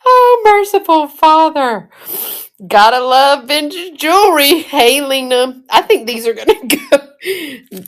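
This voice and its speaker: A woman's voice: sits high, expressive, unhurried. A middle-aged woman with a Southern US accent, chatting casually and folksily while showing thrifted jewelry, often breaking into giggles. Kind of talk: casual live-stream chat.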